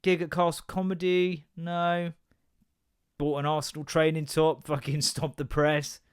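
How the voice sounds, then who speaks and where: A young man with a fairly high voice hosts a solo podcast in a loose, rambling way. He swears constantly, laughs at his own stories and hops from one rant to the next. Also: level tone, a little slow, clean tone. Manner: sweary, chatty, laughs often, jumps between rants. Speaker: podcast host.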